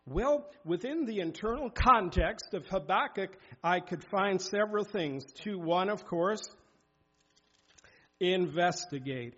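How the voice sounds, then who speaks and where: A man's voice: sits high, animated, takes it slowly, pushed and bright. Male preacher, sermon delivery, emphatic, dull lo-fi sound. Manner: emphatic, exhorting, reads scripture aloud. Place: church sanctuary.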